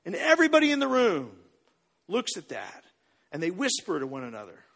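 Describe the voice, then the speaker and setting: Male pastor preaching, husky and a touch high, acts out his stories. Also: wildly swooping pitch, brisk. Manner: storytelling with acted-out quotes, swinging from loud to hushed. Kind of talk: sermon.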